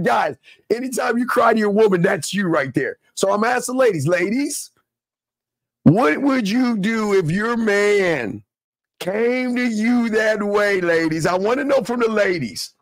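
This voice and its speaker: Talk show host guy, fired up and preachy, repeats himself a lot, kinda high voice, dry sound. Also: lively intonation, a little slow, no room sound. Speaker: podcast host. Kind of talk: casual talk show banter.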